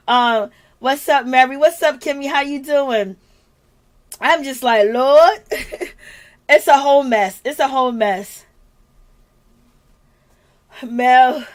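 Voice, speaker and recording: A woman's voice: a little high, fairly bright tone. Blunt, profane woman livestreaming gossip. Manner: blunt, profane, laughing asides, greets chat viewers. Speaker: livestream host recapping a reality show. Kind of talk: casual livestream commentary.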